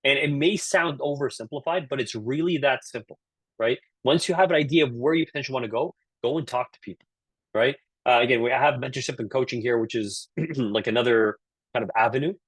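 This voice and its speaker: A man with a Canadian accent giving a live online career talk, energetic and peppering his points with "right?". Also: medium pitch, a little fast, breathy edge, no room sound. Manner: energetic, frequent "right?" tag questions. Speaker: career speaker at a virtual session.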